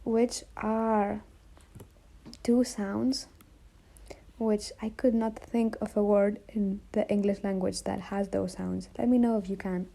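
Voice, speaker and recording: A woman teaching a language lesson, patiently repeating sounds slowly and checking that viewers follow. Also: mid-range voice, fairly even intonation, gravelly, dark tone, low-quality recording. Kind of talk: slow explanatory lesson.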